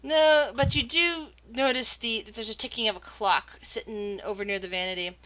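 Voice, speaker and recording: A woman's voice: fairly high pitch, normal speed, a crowd in the background. A woman narrating as game master of a tabletop game, chatty and loose, with lots of fillers.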